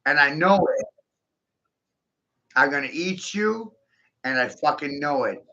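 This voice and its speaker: A man rants in a harsh, bright voice, slow and deliberate between sudden shouted bursts. His speech is profane, combative and repetitive. The recording is dull and lo-fi. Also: a little high, lively intonation. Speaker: monologuing video host. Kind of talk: ranting monologue to camera.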